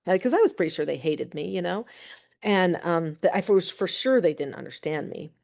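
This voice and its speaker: A middle-aged woman with a slightly low voice tells personal stories as a podcast guest. She talks animatedly and scatters "like" and "you know" through her sentences. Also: brisk, creaky. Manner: animated storyteller, many fillers like "like" and "you know". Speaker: guest, parenting expert. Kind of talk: storytelling in a podcast interview.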